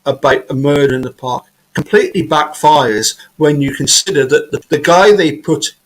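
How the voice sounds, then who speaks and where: A man hosting a live online chat, his voice sitting a bit higher than most men's. He talks in halting bursts, repeating words as he feels his way through each thought, heard over a video call. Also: low-quality recording. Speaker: host.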